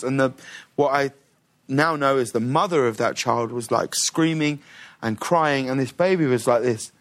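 A man, a guest on a talk show, telling an animated story in a television studio. He laughs often and fills his speech with "like" and "uh". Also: mid-range voice, normal speed.

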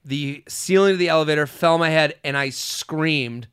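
Bright-voiced, animated male podcast host. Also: a little high, normal speed, clear, resonant tone. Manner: animated storyteller, acts out screams and voices. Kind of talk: casual comedy podcast chat.

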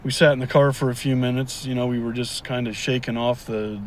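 A man's voice: medium pitch, fairly even intonation, a little hiss or hum. Hesitant middle-aged man. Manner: hesitant, halting, repeats himself. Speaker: interviewee, father. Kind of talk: casual interview.

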